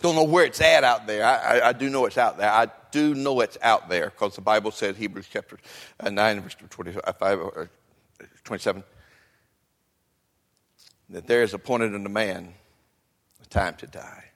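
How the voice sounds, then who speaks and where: A man's voice: fairly low pitch, normal speed, long pauses. Older preacher man in a long-echoing hall. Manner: swings from quiet to shouting. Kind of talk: sermon. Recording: long echo of a large hall.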